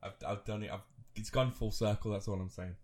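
A man's voice: on the low side, fairly even intonation, fairly quick, darkish tone. Giggly, rambling thirty-something podcast man. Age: 30s. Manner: laughing, rambling, self-mocking storytelling. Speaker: podcast co-host. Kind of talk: casual chat.

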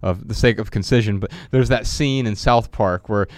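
A middle-aged man co-hosting a podcast, chatting and reading his own writing aloud with lively storytelling. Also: on the low side, normal speed, no echo, clean studio sound. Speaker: podcast co-host.

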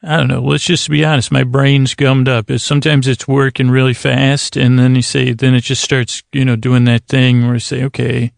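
A man with a gravelly, creaky voice drifts through a rambling sleep-podcast intro, poking fun at himself as he goes. He speaks close and intimately to the listener, as if beside them at bedtime. The recording is dry and close, with no room sound. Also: level tone, moderate pace, hardly any pauses, dry recording. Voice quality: creaky, low-key dulcet tones. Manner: meandering, self-deprecating, talks to the listener intimately.

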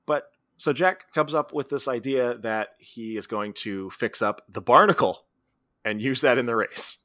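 A man's voice: medium pitch, a little slow, bright, forceful tone, dry recording, studio quality. A man co-hosting a podcast, casually recapping a film's plot scene by scene. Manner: retells scenes, quoting characters in brief voices. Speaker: podcast co-host. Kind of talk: casual movie recap chat.

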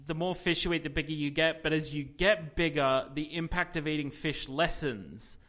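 A man co-hosting a casual podcast, telling rambling, animated stories with plenty of fillers. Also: a little high, normal speed. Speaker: podcast co-host. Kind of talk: casual chat about video games.

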